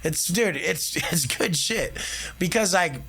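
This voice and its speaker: A man with a gravelly, slightly high voice boasting in casual podcast talk. His delivery is brash and swaggering, with profanity in nearly every sentence. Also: animated, takes it slowly, bright, forceful tone, soft background music. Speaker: podcast guest.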